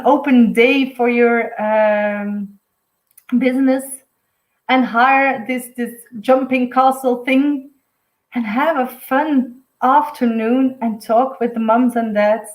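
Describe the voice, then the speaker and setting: A woman's voice: fairly high pitch, darkish tone, roomy sound, poor audio. A woman giving a live intuitive card reading, rambling and heartfelt, full of fillers. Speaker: intuitive medium. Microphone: webcam or phone on a live stream.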